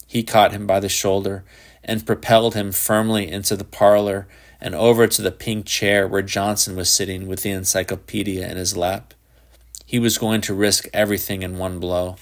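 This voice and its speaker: Male audiobook reader, lowish voice, measured literary narration. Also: level tone. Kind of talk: scripted narration of a short story.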